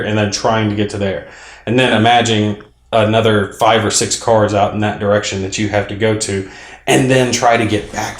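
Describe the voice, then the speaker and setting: A man casually explaining his moves in a tabletop space game, rambling with fillers and clearing his throat now and then. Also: on the low side, roomy sound. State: clearing throat, a little choked up. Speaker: board game player and channel host.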